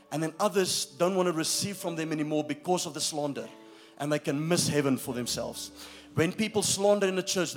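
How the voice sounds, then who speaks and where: A pastor preaching a sermon to his congregation. He stresses key phrases and keeps asking whether they are with him. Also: fairly high pitch. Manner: emphatic preaching that checks in with the congregation.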